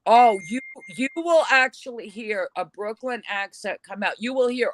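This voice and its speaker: A woman from New York, chatting casually on a live stream and telling animated stories with restarts. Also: on the high side, moderate pace, a little hiss or hum.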